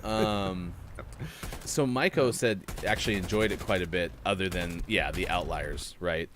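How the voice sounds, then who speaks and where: A deep-voiced man hosts a casual gaming morning show, drifting from game chatter into news items. His delivery rambles loosely. A faint background hiss sits under the recording. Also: measured pace, fairly bright tone. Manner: rambling, reads out news items between gameplay remarks. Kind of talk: casual chat while playing a game.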